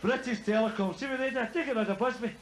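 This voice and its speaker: A Scottish man tells gags in a bright, high voice, chatty and quick to laugh at his own punchlines. His stand-up routine is delivered on stage. A faint hum of noise sits behind him. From Scotland. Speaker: stand-up comedian.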